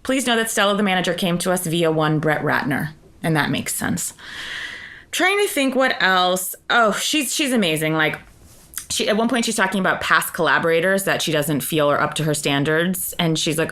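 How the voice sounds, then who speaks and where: A woman co-hosting a podcast, telling gossipy stories in casual chat with lots of "like" and quick asides. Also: lowish voice, animated, fairly bright tone. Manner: gossipy, chatty storytelling full of "like" and asides. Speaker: podcast co-host.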